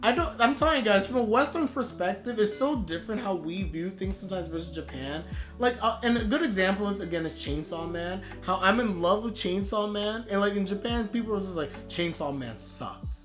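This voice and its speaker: A man streaming a live manga reaction, rambling and gushing with excitement. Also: sits high, brisk, faint music behind.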